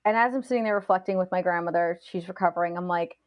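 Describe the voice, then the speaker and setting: A woman guest on a podcast, retelling a personal story in an animated, fast-flowing way full of "like" fillers. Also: lowish voice, no echo.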